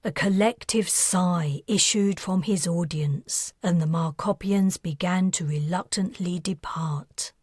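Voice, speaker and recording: A woman reading her own science fiction novel aloud in steady, measured scripted narration, close to the mic. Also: on the low side, slightly rough, no echo.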